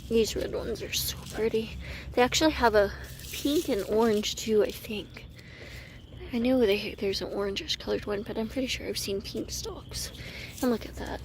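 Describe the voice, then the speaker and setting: A woman's voice: a little high, normal speed, a little mellow, slight background noise. Chatty woman giving an outdoor garden tour. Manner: chatty, self-correcting, friendly. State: slightly out of breath. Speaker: gardening vlogger. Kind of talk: casual garden vlog.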